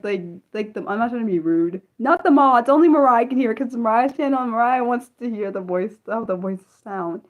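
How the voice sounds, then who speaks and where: A woman hosting an unscripted livestream, rambling with lots of fillers and sudden jumps in pitch. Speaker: livestream host.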